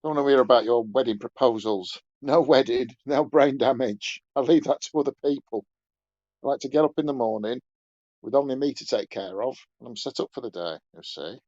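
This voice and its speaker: A man's voice: mid-range voice, brisk, a little mellow, no room sound, lightly acted. A crude, mumbling old showbiz man, as a comic puts him on, rambling through lewd asides and tacking "you see" onto his lines. The delivery is muffled and dry, as if recorded on a dull lo-fi mic in a dead room. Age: older. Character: leering old male showbiz entertainer. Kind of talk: comic character impression on a podcast.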